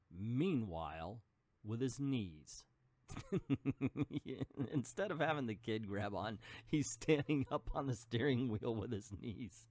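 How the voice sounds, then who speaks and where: A man's voice: mid-range voice, a little mellow. A man reading an old comic book aloud and adding jokey asides. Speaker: comic book reader and commentator.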